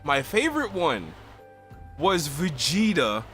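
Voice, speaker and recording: A man streaming in a casual chat, excitable and retelling anime scenes with big voices. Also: fairly high pitch, slow, faint music behind.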